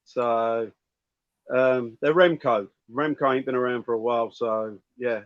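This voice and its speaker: A man's voice: mid-range voice, fairly even intonation, a little slow, dry recording. A man chatting casually as a guest about toys, speaking freely and swearing now and then. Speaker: guest toy collector. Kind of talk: casual chat. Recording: dull lo-fi audio.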